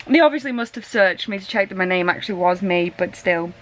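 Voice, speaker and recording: A woman's voice: fairly high pitch, fast talker, a bit bright, low-quality recording. A woman vlogger chatting casually and rambling, self-deprecating, while suffering from a migraine. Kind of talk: casual chat vlog.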